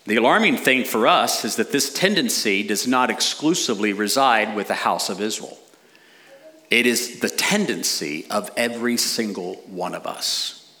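A middle-aged man preaching a sermon as a pastor, animated with dramatic pauses. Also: lowish voice.

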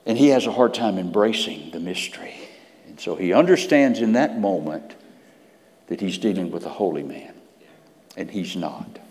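A man's voice: sits low, lively intonation, normal speed, big-room sound. Preacher man with dramatic whispers. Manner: dramatic swings from hushed whispers to loud emphatic peaks. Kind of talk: sermon.

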